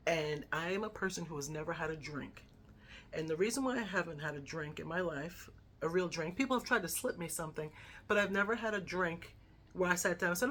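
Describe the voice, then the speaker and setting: With a lowish voice, a woman in her fifties who vlogs about lifestyle shares a story from her own life. She is lively and talkative, often pausing to ask "right?".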